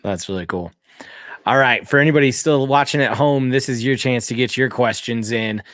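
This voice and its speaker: An upbeat man hosting a casual podcast interview, quick to laugh between questions. His voice sits at an ordinary middle pitch. The sound is close and dry, with no room around it. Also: a bit bright, no echo. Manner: upbeat, laughs often, reads sponsor plugs. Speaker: podcast host.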